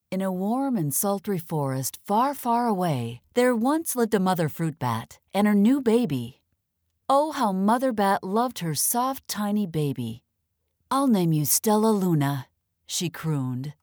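Expressive woman reading a children's storybook. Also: medium pitch, dry recording, clean studio sound. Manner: expressive, slows down for dramatic moments. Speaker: narrator.

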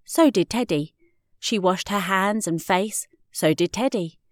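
A woman reads children's stories in an expressive, measured voice of middle pitch. The sound is dry and close, with no room echo. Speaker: storyteller. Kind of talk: storybook reading.

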